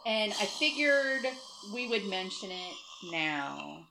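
Lively woman co-host with a bouncy voice. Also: medium pitch, creaky, a little hiss or hum, rough recording. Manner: playful and quick to laugh, lively sidekick. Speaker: podcast co-host. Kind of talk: casual chat.

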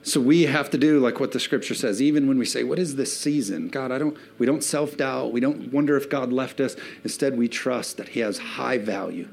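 A man's voice: medium pitch, fairly quick, creaky, hardly any pauses, darkish tone. A man preaching a sermon to a church congregation in a loose, conversational way, mixing jokes into his message. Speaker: pastor. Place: church sanctuary before a congregation.

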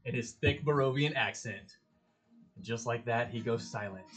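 A player in a tabletop role-playing game, narrating events in an energetic, playful way. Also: medium pitch, moderate pace, husky. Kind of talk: casual tabletop play.

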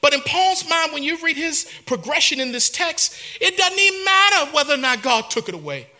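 A male pastor preaching a sermon, dramatic, dropping to a hush and then rising loud, in a church. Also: very high voice, big pitch swings, a little fast.

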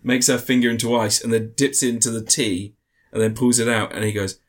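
A man co-hosting a podcast, retelling film scenes in a rambling, animated way with playful put-on voices. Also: mid-range voice, fairly quick. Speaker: podcast co-host. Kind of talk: casual film review chat.

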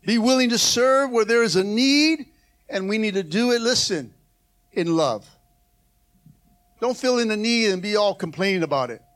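A man preaching a sermon to his church as pastor, lively, with repeated calls of come on and hallelujah. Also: high-pitched, normal speed, pauses often.

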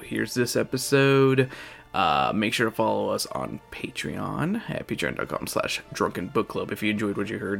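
A man's voice: fairly low pitch, lively intonation, normal speed, vocal fry, fairly bright tone. A man giving a loose, chatty intro to his podcast, correcting himself as he goes. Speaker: podcast host. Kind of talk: casual spoken intro. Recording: faint music behind voice.

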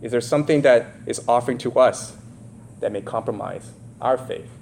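A man's voice: mid-range voice, moderate pace, vocal fry, darkish tone, slight background noise. A man with nasal congestion preaching a sermon in a conversational way, often checking in with his listeners. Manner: conversational, asks the audience questions. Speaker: pastor.

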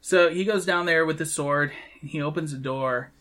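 A man co-hosting a casual talk show, retelling film scenes and quoting lines in quick bursts. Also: fairly high pitch, a bit bright. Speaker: podcast co-host. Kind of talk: casual chat recapping a film.

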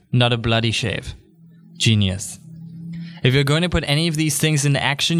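A man's voice: medium pitch, a bit bright. Upbeat chatty male podcast host. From England. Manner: upbeat, chatty, jokey asides. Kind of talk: solo podcast monologue.

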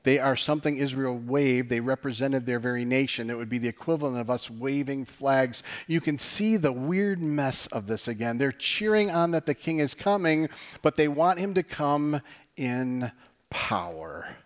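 A man's voice: medium pitch, expressive, moderate pace. A man preaching a sermon as pastor, talking conversationally, asking the audience rhetorical questions and using dry sarcastic humor.

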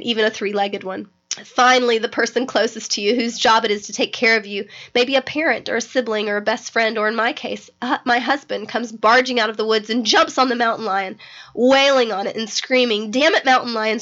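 Woman host, slightly high pitch, lively reader, dull lo-fi recording. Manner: warm encouraging interjections, expressive reader. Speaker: podcast host. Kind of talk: casual interview chat and reading aloud. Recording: dull lo-fi audio.

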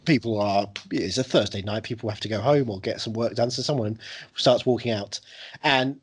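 Husky-voiced jokey man. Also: lowish voice. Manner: jokey, sweary, quick impressions. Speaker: podcast co-host. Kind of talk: casual chat.

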